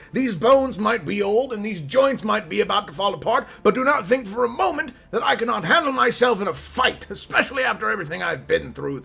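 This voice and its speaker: A man voicing a proud elderly adventurer in a tabletop game, formal and quick to take offense. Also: a little high, vocal fry, pushed and bright, breathy edge, exaggerated voice. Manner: indignant, formal, raises his voice. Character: proud elderly male adventurer, touchy about his age. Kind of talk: in-character tabletop roleplay.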